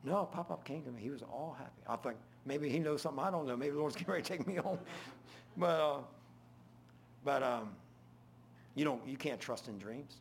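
A man's voice: medium pitch, brisk, gravelly, slight background noise. Folksy older preacher man. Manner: folksy storytelling, swings from loud to hushed. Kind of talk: informal sermon.

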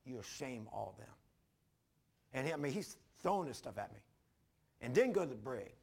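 An older man preaching a sermon, telling his own story in a folksy, repetitive way with sudden loud bursts. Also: mid-range voice, big pitch swings, quick pace, breathy edge. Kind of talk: sermon with personal testimony.

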